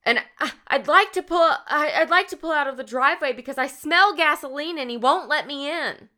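A woman's voice: fairly high pitch, normal speed, sharp tone, smooth, pitched above the performer's own voice. A woman voicing a distraught female social worker on an emergency call, stammering and urgent.

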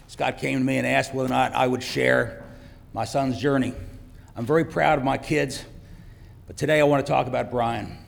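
A man's voice: medium pitch, creaky. A middle-aged man giving a heartfelt, emotional personal testimony in a church. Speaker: church guest speaker, father. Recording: long church reverb.

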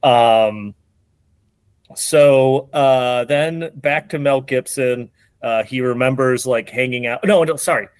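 A man's voice: mid-range voice, takes it slowly, clean tone, no room sound. A man hosting a podcast, casually recapping a movie plot with lots of fillers and restarts. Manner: rambling, many fillers and restarts. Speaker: podcast host.

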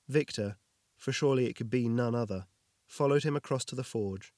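A man's voice: medium pitch, brisk, darkish tone, no room sound, clean studio sound. Man reading a story aloud. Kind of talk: storybook narration.

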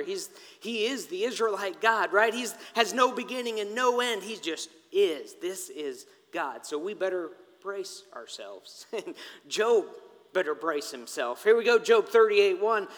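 A man preaching a sermon in an animated, conversational way, turning often to the congregation with asides. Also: sits high, big-room sound.

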